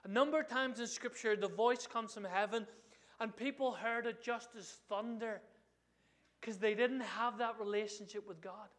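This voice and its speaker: High-voiced animated male preacher. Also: moderate pace. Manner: animated, asks the congregation questions. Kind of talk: sermon.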